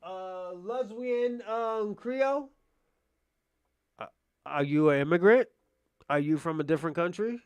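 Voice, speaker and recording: Reaction streamer, male, high and smooth voice, animated and profane, casual live commentary. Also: measured pace, pauses often. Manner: animated, loose and profane, talking to chat.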